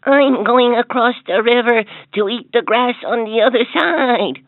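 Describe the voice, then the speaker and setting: A man voicing a small, young billy goat with a high, light voice, on a tinny lo-fi toy speaker. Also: a little slow, no room sound. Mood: eager. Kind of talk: storybook character voice.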